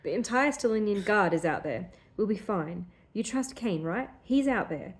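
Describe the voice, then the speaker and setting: A woman's voice: mid-range voice, lively intonation, moderate pace. A woman reads passages of her own old fiction aloud on a podcast, now and then breaking off to mock her writing. Her voice sits in a middle register and her delivery is casual. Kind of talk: reading aloud with casual commentary.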